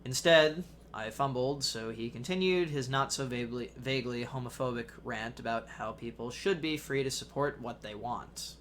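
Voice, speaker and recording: A young adult man narrating a personal essay in a measured, wry storytelling manner. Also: medium pitch, a bit bright, a little hiss or hum. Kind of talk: reading a personal essay aloud.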